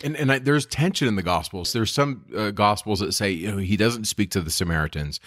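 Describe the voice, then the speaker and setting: A man with a very low, deep voice, retelling scripture stories in an earnest, enthusiastic way. He co-hosts a casual discussion and acts out the dialogue as he goes. The sound is dry and close, with no room echo. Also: fairly quick, fairly bright tone. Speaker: podcast co-host.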